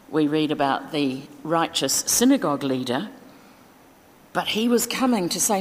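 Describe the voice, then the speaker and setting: Woman preacher, low voice, casual sermon delivery, long church reverb. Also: a little mellow. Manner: chatty, informal, with fillers and asides.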